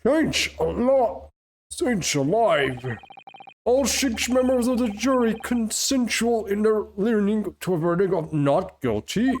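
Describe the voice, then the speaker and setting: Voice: medium pitch, very animated, takes it slowly, darkish tone, a little hiss or hum, pitched above the performer's own voice. A streamer reading the lines of a surprised male courtroom judge in a video game, exclaiming. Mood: astonished.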